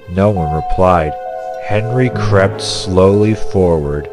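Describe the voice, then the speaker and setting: A man reading a children's story aloud in an even, measured way, with music behind. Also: fairly low pitch. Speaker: narrator. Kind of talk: storybook narration.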